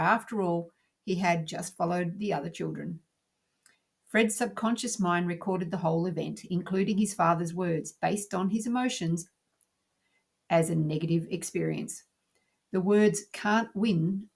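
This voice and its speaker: A female teacher narrates a scripted instructional lesson in a calm, measured way. Her voice sits in a lower register and has a slight huskiness.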